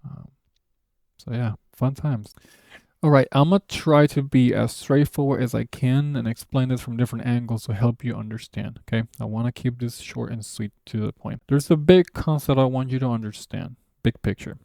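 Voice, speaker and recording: A man's voice: mid-range voice, steady tone, normal speed, creaky, warm tone, no room sound, clean studio sound. A man whose first language is Spanish, hosting and teaching a casual video lesson with joking, sarcastic asides. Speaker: language teacher and channel host.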